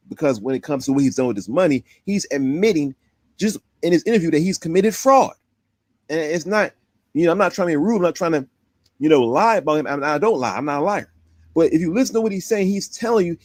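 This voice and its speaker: A man's voice: a little high, darkish tone, no room sound, clean studio sound. A man hosting a stream, indignantly commenting on a clip with pointed rhetorical questions. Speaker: stream host.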